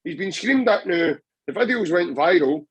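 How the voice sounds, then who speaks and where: A man's voice: sits high, expressive, normal speed, husky, dry recording, low-quality recording. A Scottish man chatting passionately about football on a podcast, rambling with many restarts. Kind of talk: casual football chat.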